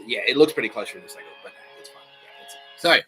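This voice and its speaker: A man hosting a podcast, talking in a loose, rambling monologue full of swearing. His voice is very bright and sharp-edged, and he often breaks into laughter or trails off into a low mutter. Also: brisk, soft background music, low-quality recording. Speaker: podcast host.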